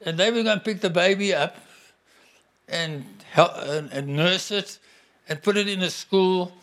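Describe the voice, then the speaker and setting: A middle-aged man preaching a sermon to a congregation, emphatic and animated. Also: sits high, measured pace. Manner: animated, emphatic, bursts into acted-out quotes.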